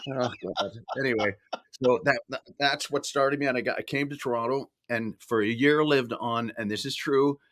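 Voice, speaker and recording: A man's voice: mid-range voice, normal speed, fairly bright tone. An older man from Ireland, a podcast guest telling rambling anecdotes in casual storytelling talk. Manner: rambling anecdotes with laughs and acted-out quotes.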